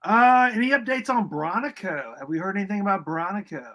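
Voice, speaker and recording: A man's voice: high-pitched, animated, brisk, a bit bright. A man co-hosting a casual football fan show, joking around with slangy banter. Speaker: co-host.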